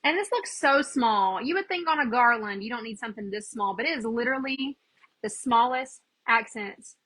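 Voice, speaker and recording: Woman, 30s, live craft-demo host; chatty, slightly high, bright and punchy. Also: animated, normal speed, low-quality recording. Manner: chatty, greets viewers by name while working.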